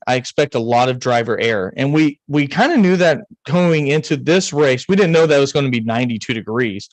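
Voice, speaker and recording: An American man with a mid-range voice co-hosts a racing podcast, casually chatting, joking and rambling. The recording is dry and rough.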